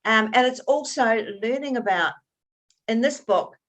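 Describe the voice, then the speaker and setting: A woman author being interviewed, telling her stories in an animated, expressive way and often restarting her sentences. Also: fairly high pitch, measured pace. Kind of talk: conversational interview.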